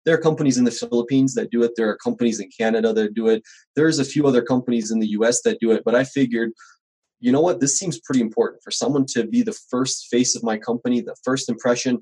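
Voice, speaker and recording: Fast-talking husky man telling stories. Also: medium pitch, poor audio. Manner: animated storyteller, acts out quoted voices. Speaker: home service contractor guest. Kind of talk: casual podcast conversation.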